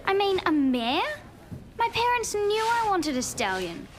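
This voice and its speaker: A woman's voice: very high-pitched, sing-song, unhurried, a little hiss or hum, heavily acted. A haughty, spoiled teen girl. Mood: sulky. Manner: haughty, whiny complaint. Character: spoiled rich teenage girl, haughty and snobbish. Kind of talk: teen TV drama acting.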